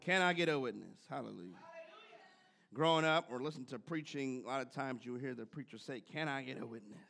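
A man's voice: on the high side, fairly bright tone. A man preaching a sermon in a church, calling out to the congregation and building in fervor. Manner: preacherly, call-and-response with the congregation. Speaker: pastor. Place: church sanctuary.

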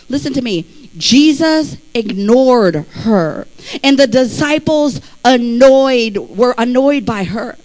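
A man preaching a fervent sermon, moving between quiet talk and shouted praise. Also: very high voice, expressive, slow, poor audio. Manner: fervent, with swings between soft speech and shouted climaxes.

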